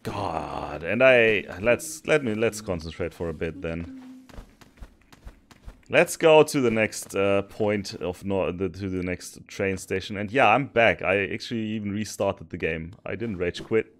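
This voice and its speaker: A man commentating his own gameplay, cursing in frustration and swinging between loud outbursts and low muttering. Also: expressive, unhurried, a little hiss or hum. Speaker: gaming streamer. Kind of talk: let's play commentary.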